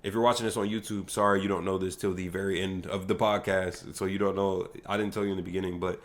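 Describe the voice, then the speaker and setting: A man's voice: low-pitched, level tone, fast talker. A young American man hosting a solo livestream podcast, talking casually in slangy, hyped, rambling bursts. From United States.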